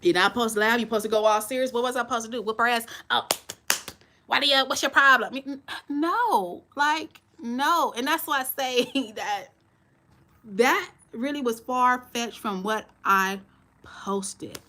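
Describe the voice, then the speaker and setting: A woman's voice: fairly high pitch, normal speed, bright, forceful tone. A woman in her forties hosting a live stream, talking bluntly and straight to her viewers. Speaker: channel host.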